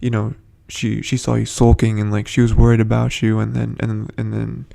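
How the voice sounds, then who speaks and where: Gravelly man rambling through a recap. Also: lowish voice, completely flat delivery, normal speed, warm tone. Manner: rambling, frequent fillers and restarts; chuckles between points. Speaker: show commentator. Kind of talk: casual episode recap.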